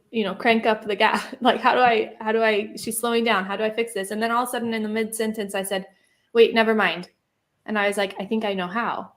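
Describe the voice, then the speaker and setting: A woman telling a personal story in a casual interview, chatty, laughing often and using lots of fillers. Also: medium pitch. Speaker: guest.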